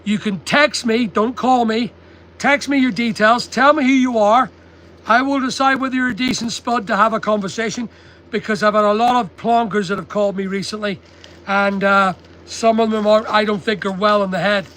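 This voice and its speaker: An older British man from the United Kingdom livestreams from a packing table in his stock depot, chatting bluntly and reading out viewer comments. His voice sits high and a bit bright, steady in tone, at normal speed, on a low-quality recording.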